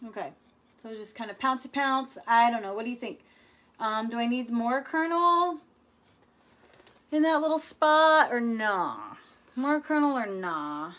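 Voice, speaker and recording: Leading a live furniture painting demo, a woman with a fairly high voice stays chatty and playful, often checking in with viewers. She explains each step in a relaxed, conversational way, at a measured pace with frequent pauses.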